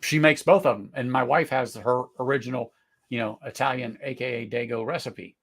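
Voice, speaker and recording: A middle-aged man hosting a live whisky tasting, talking casually, searching for words, then bursting into excited exclamations. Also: mid-range voice, brisk. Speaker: whisky tasting livestream host.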